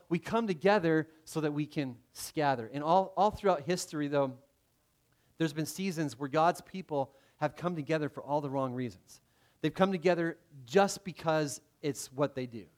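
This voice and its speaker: A middle-aged man preaching a sermon in a conversational way, often restarting his phrases and acting out the voices he quotes. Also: a little high. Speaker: pastor.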